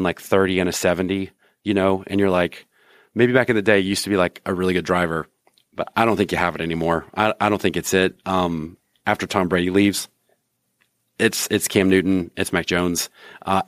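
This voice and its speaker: A man's voice: low-pitched, dry recording, studio quality. A man co-hosting a sports podcast, joking and rambling in casual chat. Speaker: podcast co-host.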